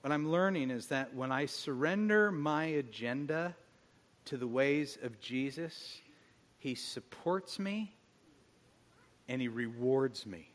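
A middle-aged man preaching a sermon as pastor, telling stories with animated, self-mocking humor. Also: medium pitch, measured pace. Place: church hall. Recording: long hall reverb.

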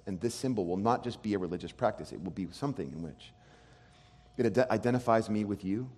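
A man preaching a sermon as pastor, animated, acting out quoted voices. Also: lowish voice, fast talker, breathy edge, long reverb tail.

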